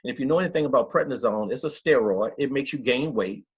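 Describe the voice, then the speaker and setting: A man's voice: medium pitch, quick pace, husky. A middle-aged man, a pastor, telling his story in an interview with emphatic, earnest country talk. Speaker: pastor, guest.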